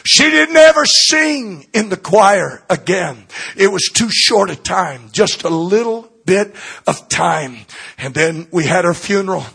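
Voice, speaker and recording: High-voiced husky older preacher. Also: male voice, expressive, measured pace. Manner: emotional preacher, drops to soft low tones for tender moments. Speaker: pastor. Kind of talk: sermon storytelling. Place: church sanctuary.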